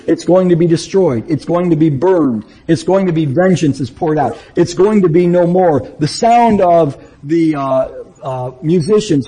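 A man's voice: on the high side, mellow, husky, low-quality recording. A man teaching verse by verse through a Bible book, reading passages aloud and then explaining them, often restarting his sentences.

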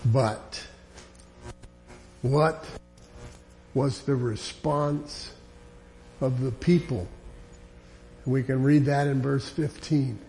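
A man's voice: medium pitch, steady tone, extremely slow, pauses often, darkish tone, slight background noise. A man preaching a sermon, building emphatic, repetitive lines that grow more insistent.

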